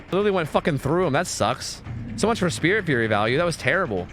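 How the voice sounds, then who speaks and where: A man's voice: fairly high pitch, big pitch swings, fast talker, fairly bright tone, faint music behind. A man streaming a game, ranting and chatting casually with viewers, swearing often. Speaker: gaming streamer. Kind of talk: casual live-stream commentary.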